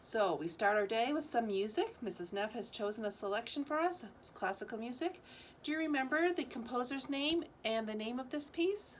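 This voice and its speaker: A woman's voice: fairly high pitch, expressive, normal speed, slight background noise. A woman giving the morning announcements at a school, speaking in a teacherly way and asking the students questions as she goes.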